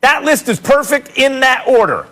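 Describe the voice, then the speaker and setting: Measured man with a high voice. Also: big pitch swings, a bit bright. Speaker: sports debate panelist. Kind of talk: sports debate.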